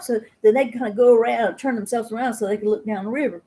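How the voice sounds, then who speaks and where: A middle-aged woman with a drawl hosts a relaxed live chat. Her voice sits a little high, and she tells stories with animation, jumping into the voices of the people in them. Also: quick pace, few pauses. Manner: animated storyteller who acts out voices. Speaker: host. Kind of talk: casual live-stream storytelling.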